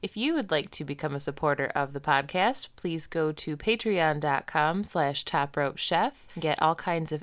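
A woman co-hosting a casual food podcast, playful and quick to laugh. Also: low-pitched. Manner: giggly, playful banter. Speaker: podcast co-host.

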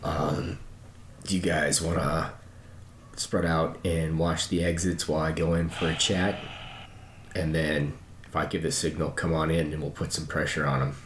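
A man playing in a tabletop game, talking in a laid-back, animated way. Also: very deep voice, moderate pace, roomy sound, a little hiss or hum. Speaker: player. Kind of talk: casual tabletop play.

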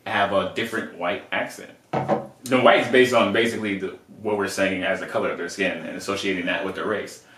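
A man's voice: deep voice, fairly even intonation, brisk, a bit bright, roomy sound, far from the mic. A man co-hosting a podcast, explaining his points earnestly in casual banter. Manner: earnest, explains at length, laughs easily. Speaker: podcast co-host.

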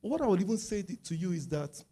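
A Nigerian man preaching a sermon in a lively way, acting out quoted voices and rising to loud, emphatic stretches. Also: high-pitched, quick pace, slightly rough.

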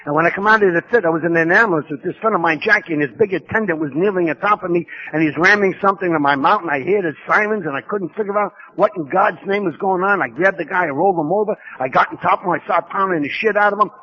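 A high-pitched man from New York tells his own story at a recovery conference, gritty and streetwise in a rapid-fire storytelling rush. It's a personal talk captured on a lo-fi 1990s conference tape.

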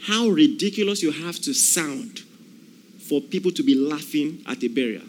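A man's voice: a little high, animated, normal speed, slight background noise. A man preaching a sermon, emphatic, repeating key phrases and acting out the voices of people in the story.

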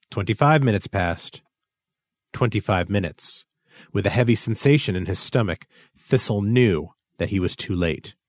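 A man reading a story aloud as narrator, in expressive, measured storytelling. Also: medium pitch, dry recording, studio quality. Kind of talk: scripted audiobook narration.

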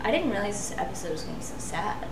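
A woman's voice: medium pitch, sing-song, very fast, creaky. A woman co-hosting a casual podcast, teasing and swearing freely. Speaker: podcast co-host. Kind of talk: casual chat. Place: home, at night. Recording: echoey noisy home room.

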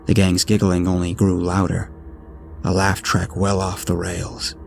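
A man narrating a horror story in a steady, ominous storytelling manner. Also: low voice, creaky. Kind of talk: scripted narration. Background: faint music.

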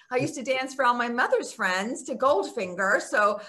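An older woman recounts her career in a casual interview, speaking over a video call with a slightly high voice. She is chatty and laughs often as she tells her stories. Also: expressive, unhurried, bright, forceful tone. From Texas. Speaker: guest actress.

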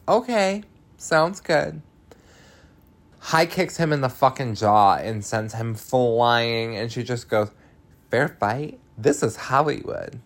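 A man casually recapping a film, chatty and laughing, swearing freely with many "um"s. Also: fairly low pitch.

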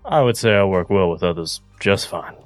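A man playing his character in a tabletop game, calm and wry in a measured way. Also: low-pitched, no echo, faint music behind. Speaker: player.

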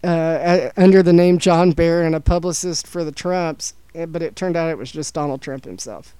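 High-voiced man telling a story. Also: normal speed, dark tone, clear, resonant tone, no echo, poor audio. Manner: storytelling from prepared notes, dry jokes. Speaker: podcast host presenting a story. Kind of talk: casual podcast chat.

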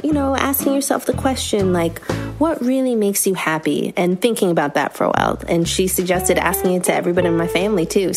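A mother tells a heartfelt story in a casual way and quotes her kids. Her pitch is ordinary for a woman. Guitar music plays clearly behind her. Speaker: guest podcaster.

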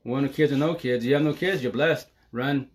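A man rattling off a casual live-stream monologue at speed. His voice sits at an everyday pitch, and his talk is loose, slangy and profane, packed with fillers and restarts. He keeps the energy high throughout. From Seattle area. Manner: fast, excitable, slangy and profane with constant fillers.

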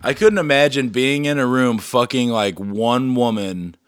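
A man's voice: medium pitch, unhurried, smooth, no room sound. A man co-hosting a comedy podcast, trading crude casual banter with a crude, incredulous manner and frequent laughter. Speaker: podcast co-host.

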